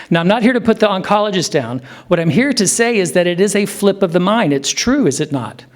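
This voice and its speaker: A man in his fifties gives a lively presentation as a clinician in a hotel conference room. His voice sits a little high for a man. He talks with animated emphasis and stretches key phrases slowly. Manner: animated, emphatic, slows down for effect.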